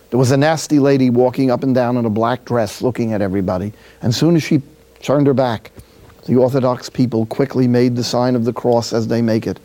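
A friar from City, preaching a sermon through a lively personal story with acted-out dialogue. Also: male voice, mid-range voice. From Jersey City, New Jersey.

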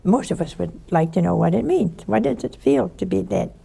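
A woman delivers a spoken sermon in a mellow, gravelly voice. She tells her story vividly and acts out the voices of the people she quotes. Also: medium pitch, lively intonation, moderate pace.

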